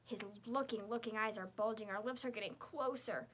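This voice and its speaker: A woman narrating a children's chapter book in the first person, in a lively, girlish storytelling voice. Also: a little high, brisk, slight background noise. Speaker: audiobook narrator.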